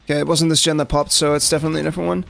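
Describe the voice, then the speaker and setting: A young South African man livestreams his match, commenting in casual, unscripted chatter full of "like" and talking to his chat. His slightly high voice has a gravelly rasp, and he speaks rapid-fire. There's a bit of background noise.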